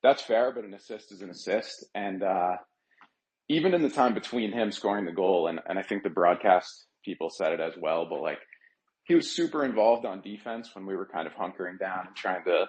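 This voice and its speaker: A man's voice: deep voice, fairly quick, darkish tone, low-quality recording. A man calling in to a fan podcast, talking earnestly and a little ramblingly about his team. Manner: earnest, a bit rambling, many fillers. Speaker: caller, regular contributor. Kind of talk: casual call-in chat.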